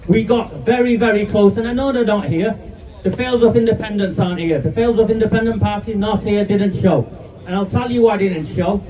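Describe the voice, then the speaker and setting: Man in his fifties, forceful angry rally speech, high voice, heard from a distance, dull muffled sound. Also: fairly quick. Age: 50s. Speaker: campaigner speaking at a rally. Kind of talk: outdoor protest speech. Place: outdoor street rally. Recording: distant, muffled, noisy outdoor recording.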